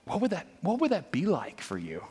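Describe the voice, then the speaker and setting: High-pitched and husky, this man talks briskly as he preaches. The pastor keeps his sermon conversational and animated, tossing his listeners many rhetorical questions and lots of "right?" asides.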